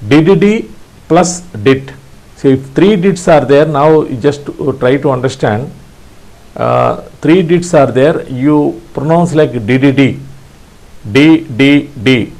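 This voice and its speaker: Slow guy from india walking thru morse code, lots of uh's, low mellow voice. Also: poor audio. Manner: hesitant, many fillers and restarts, sounds out dits aloud. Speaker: ham radio instructor. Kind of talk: slow spoken tutorial.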